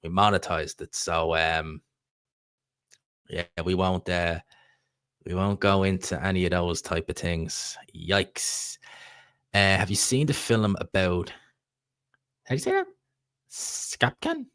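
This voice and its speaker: Low-voiced Irish man chatting on stream. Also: steady tone, slow pace, pauses often, fairly bright tone, smooth, no room sound, studio quality. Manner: rambling, chatty, answers questions from chat. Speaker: livestream host reading viewer chat. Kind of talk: casual live-stream chat.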